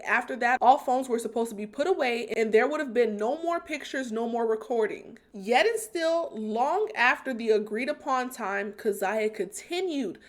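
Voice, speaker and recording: A woman hosting a commentary channel, talking through a controversy in an earnest, analytical and emphatic way. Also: fairly high pitch. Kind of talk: scripted commentary.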